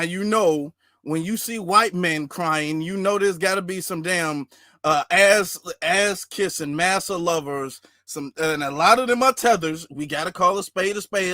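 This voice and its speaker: A man's voice: high-pitched, moderate pace, sharp tone, dry recording. A man hosting a commentary channel, talking bluntly and dismissively with fillers. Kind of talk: casual commentary on clips.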